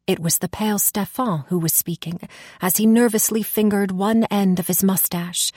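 A woman reading a story aloud in a steady, even storytelling manner, close to the mic. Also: medium pitch, normal speed, no room sound. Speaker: audiobook reader. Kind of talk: scripted narration.

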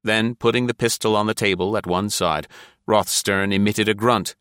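A man narrating an adventure story in a measured, even storytelling manner. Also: lowish voice, clear, resonant tone, no room sound, studio quality. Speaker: audiobook narrator. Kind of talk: scripted narration.

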